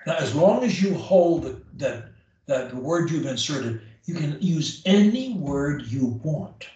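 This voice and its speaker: A man's voice: a little high, animated, a little slow, a little mellow, dull audio. A man coaching a client on her speech, blunt and emphatic, repeating key phrases to drive them home. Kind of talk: one-on-one coaching session. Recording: echoey room, far from the mic.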